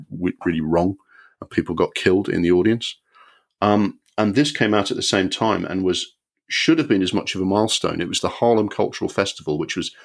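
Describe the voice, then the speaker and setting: A man co-hosting a podcast gives opinionated film reviews in casual chat, rambling and restarting often. His low voice carries vocal fry and a fairly bright tone.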